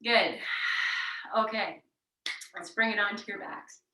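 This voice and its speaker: A woman leads a yoga class with gentle, encouraging cues, stopping to demonstrate forceful breathing exercises. Her voice is bright and clear. She is recorded from some distance in an echoey room. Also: mid-range voice, slow pace. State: sweating from exertion. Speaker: yoga teacher. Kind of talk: guided yoga class instruction. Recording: roomy echo, voice heard from a distance.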